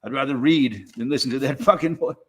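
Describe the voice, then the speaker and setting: A man streaming a casual monologue, rambling and swearing freely, with lots of halting restarts and "you know". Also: mid-range voice.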